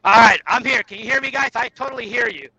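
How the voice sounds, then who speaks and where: A man calling in to a podcast, hyped and swearing, whooping shoutouts over a poor call connection. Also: extremely high pitch, quick pace, breathy edge, no echo, highs cut off. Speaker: caller. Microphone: phone or video call. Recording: bad call-in line.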